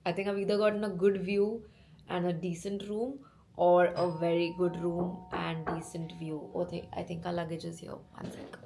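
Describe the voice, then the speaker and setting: Woman in her twenties, vlogger, lowish voice, chatty, slightly congested, hotel room, phone camera. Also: moderate pace, creaky, slight background noise. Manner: chatty, excitable, gushing. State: has a cold and sore throat. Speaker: travel vlogger. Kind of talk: casual travel vlog.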